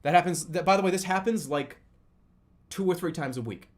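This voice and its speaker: A man in his thirties streaming live, chatting casually in a rambling, profane, animated way. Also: high voice, brisk. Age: 30s.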